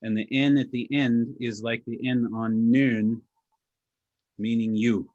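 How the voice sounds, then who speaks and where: Slow and level, his medium-pitched voice has a darkish tone, heard in lo-fi sound without room ambience. The man, a language teacher from Alaska, patiently breaks down pronunciation step by step in a lecture with audience questions, using dry humor at his own expense.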